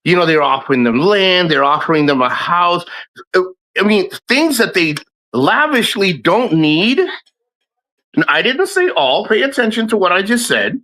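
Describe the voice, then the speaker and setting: A man's voice: high voice, lively intonation, moderate pace, bright, forceful tone. A man hosting a livestream, ranting in a rambling, profane way with lots of restarts. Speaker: livestream host. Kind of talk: casual livestream rant.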